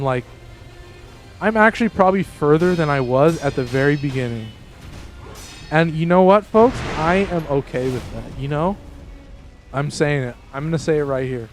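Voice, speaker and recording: A man talks casually to his livestream viewers in a slightly high voice over faint background game music. He rambles and restarts a lot, with sudden excited leaps in pitch. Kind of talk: casual livestream chat with viewers while gaming.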